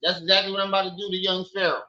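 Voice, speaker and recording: A man hosting a casual live stream from home, teasing his kids loudly and then chatting with viewers. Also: sits high, very fast, dull audio. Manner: loud playful teasing with his kids, then relaxed talk. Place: at home with children.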